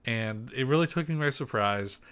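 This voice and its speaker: A man's voice: medium pitch, expressive, moderate pace, fairly bright tone, smooth. A young man co-hosting a podcast in casual chat, rambling with lots of fillers and restarts. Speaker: podcast co-host.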